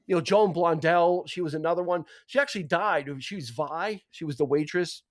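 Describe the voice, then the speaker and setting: A man's voice: a little high, moderate pace, no echo, studio quality. A man co-hosting a podcast, chatting casually about an old film with many restarts and fillers. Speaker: podcast co-host.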